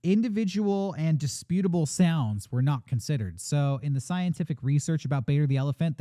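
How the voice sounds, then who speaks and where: A man's voice: medium pitch, mellow, no echo, studio quality. A man hosting a podcast, telling a story in a chatty, joking way with lots of ums and uhs. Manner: chatty and jokey, with many fillers. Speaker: podcast host.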